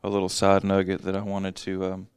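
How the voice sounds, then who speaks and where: A man's voice: low-pitched, completely flat delivery, brisk, a little mellow, smooth, dry recording. A man giving a casual Bible teaching, reading verses aloud and then explaining them in plain, conversational talk.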